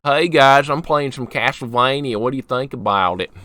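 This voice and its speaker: A man's voice: medium pitch, moderate pace, bright, forceful tone, no room sound, close to an everyday voice. Man putting on a thick Southern drawl. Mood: cheerful. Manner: drawling, exaggerated twang.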